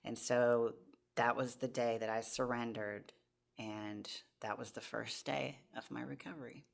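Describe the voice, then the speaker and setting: A woman's voice: rumbling low, fairly even intonation, a little slow, vocal fry. A woman in her forties, a podcast guest, earnestly telling her personal testimony with many restarts.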